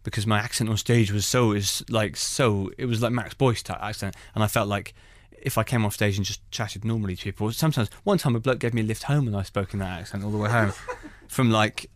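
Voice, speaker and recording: A man, a stand-up comedian, telling anecdotes in an animated way. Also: fairly low pitch, a little fast, hardly any pauses, no room sound. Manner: animated storytelling. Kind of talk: conversational anecdotes.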